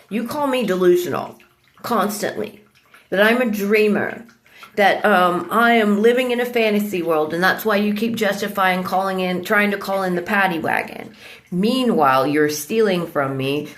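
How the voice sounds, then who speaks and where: A woman delivering an angry, profane rant, accusing people around her. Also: lowish voice. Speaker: vlogger.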